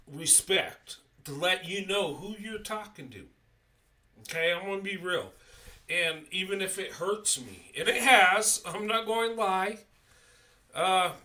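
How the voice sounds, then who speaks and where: Middle-aged man, slightly high voice, slow, sincere live-stream host. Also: bright, forceful tone, recorded from a distance. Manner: earnest, repeats "okay?" often, halting restarts. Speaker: YouTube channel host. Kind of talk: livestream monologue.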